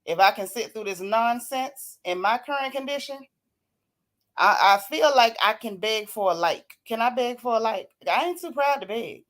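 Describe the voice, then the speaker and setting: A woman with a fairly high voice hosts a casual livestream while feeling sick and run down. She greets her viewers one by one in a folksy, teasing way, calling them sis and child. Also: moderate pace, a bit bright. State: sick, worn out. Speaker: livestream host.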